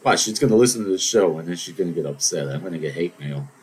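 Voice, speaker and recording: A man's voice: deep voice, expressive, quick pace, darkish tone, breathy edge, rough recording. A man hosting a podcast, telling a story in a casual, digressive monologue with wry asides. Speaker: podcast host.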